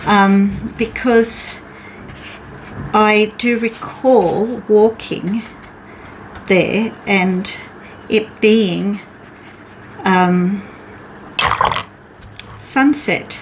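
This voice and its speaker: A woman's voice: mid-range voice, steady tone, extremely slow, long pauses, noisy background. A woman artist chatting casually and thinking aloud as she sketches and paints. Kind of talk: casual chat while drawing.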